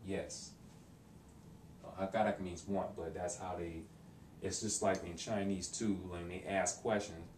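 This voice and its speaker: Low, mellow man in a roomy space. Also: slight background noise. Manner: hesitant, thinking aloud with many ums. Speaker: language learner explaining vocabulary. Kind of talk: casual self-recorded lesson. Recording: roomy, distant mic with faint ambience.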